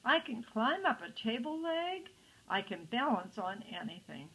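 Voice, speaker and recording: A woman playing a timid little boy mouse, weepy and pleading, lively storybook voice, a bit husky. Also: on the high side, measured pace, exaggerated voice, low-quality recording. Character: timid, sad little male circus mouse.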